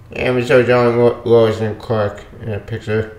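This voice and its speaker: A man casually reviewing a comic book, dismissive and quick to brush off plot points he doesn't care about. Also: mid-range voice, little pitch movement, a little mellow, echoey room.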